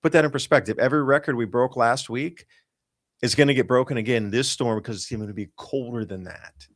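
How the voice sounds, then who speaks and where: Excited man hosting a weather talk show. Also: mid-range voice, brisk, no echo, clean studio sound. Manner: excited, emphatic, rambling with restarts. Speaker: host. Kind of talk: casual talk-show commentary on weather charts.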